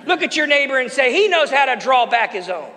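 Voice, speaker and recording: A high-pitched male pastor preaches to his congregation, prompting them to answer back and turn to their neighbors. His voice carries through a church hall with a long trailing reverb. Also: sing-song, a little fast, bright, forceful tone. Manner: preaching with call-and-response to the congregation. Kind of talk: sermon. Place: church sanctuary.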